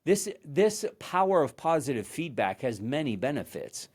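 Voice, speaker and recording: A man's voice: medium pitch, very animated, moderate pace, a little mellow, husky. A man hosting a podcast, giving a motivational leadership talk in an earnest storytelling manner, often restarting and repeating words. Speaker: podcast host.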